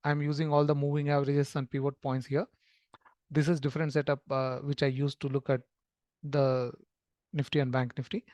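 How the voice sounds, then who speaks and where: A man's voice: mid-range voice, level tone, fairly quick, darkish tone, no echo. A man talking through a screen-shared market chart lesson, explaining step by step with many fillers and restarts. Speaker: trading educator.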